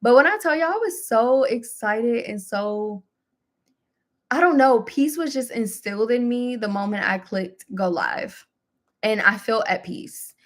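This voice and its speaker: A woman hosting a spiritual live stream, talking casually and encouragingly with some laughs and relaxed colloquial phrasing. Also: fairly high pitch, unhurried. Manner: warm, chatty, with laughs, mild self-deprecation and AAVE phrasing.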